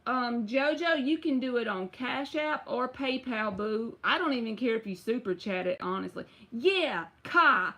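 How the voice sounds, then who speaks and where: A woman reads tarot for viewers in a relaxed, talkative way. Her voice sits a bit high, and she drops in y'all and bruh as she goes. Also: moderate pace, hardly any pauses. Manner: casual, chatty, uses y'all and bruh. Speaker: tarot reader. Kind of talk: live-stream tarot reading.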